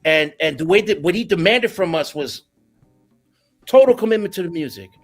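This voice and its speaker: New guy telling old gig stories, highish voice, laughs a lot, faint music under it. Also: normal speed. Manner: animated, laughing, slips into Spanish phrases. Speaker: guest musician. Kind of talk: casual storytelling interview.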